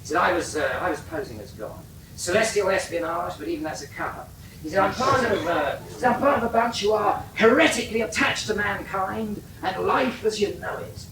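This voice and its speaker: Man as low-voiced, confiding captain, roomy distant sound. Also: expressive, fairly quick, gravelly. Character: secretive male captain, cosmic conspirator. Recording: roomy distant recording, faint rumble.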